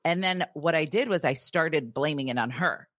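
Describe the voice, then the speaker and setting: A woman in her thirties, a podcast co-host, talking candidly in casual chat with quick asides. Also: low-pitched, fairly bright tone, no room sound, clean studio sound.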